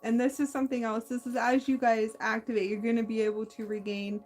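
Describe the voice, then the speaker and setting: A woman with a slightly high voice talks in a loose, wandering way, often stopping and restarting her sentences. A slight lisp colors her words. Soft music plays quietly beneath her. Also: flat delivery. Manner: meandering, halting, many restarts. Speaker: spiritual channel host. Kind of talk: casual spiritual monologue.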